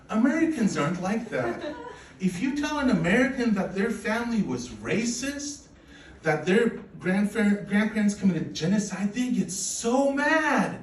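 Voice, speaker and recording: A man in his forties, originally from Poland, performing a deadpan, self-deprecating stand-up comedy set on a club stage with a handheld mic. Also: high voice, unhurried. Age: 40s. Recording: echoey room recording from a distance, loud noise.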